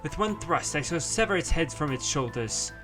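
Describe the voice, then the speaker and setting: A man's voice: on the high side, expressive, moderate pace, over music, voice pushed up, lightly acted. A man voicing a proud, wordy young female sword knight who boasts in archaic, pompous speech, reading a visual novel aloud. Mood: commanding.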